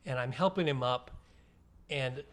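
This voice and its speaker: A man's voice: medium pitch, measured pace, a bit bright. A middle-aged man on a casual podcast, telling a rambling anecdote that he keeps correcting and restarting as he goes. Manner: rambling, self-correcting storyteller. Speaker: podcast co-host and trivia player.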